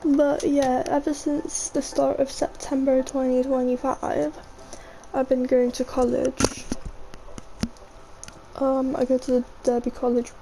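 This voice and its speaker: A woman's voice: high-pitched, flat delivery, measured pace, noisy background. A chatty young woman, rambling casually over her gameplay and often saying "mate". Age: young adult. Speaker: gaming vlogger.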